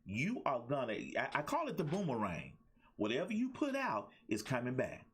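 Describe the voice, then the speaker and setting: A man's voice: mid-range voice, wildly swooping pitch, normal speed, slightly rough. A man hosting a livestream talk show as a life coach, preaching about relationships with repetition and call-and-response asides.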